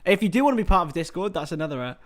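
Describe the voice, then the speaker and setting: A young man hosting a live football watchalong, chatting with viewers, swearing freely and shouting at big chances. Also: high voice, big pitch swings, very fast. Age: young adult. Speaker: watchalong host.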